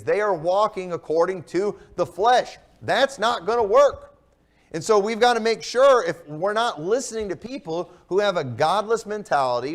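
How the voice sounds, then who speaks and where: Man, pastor, sermon, fairly high voice, loud then low. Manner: preaching with swings from loud to low.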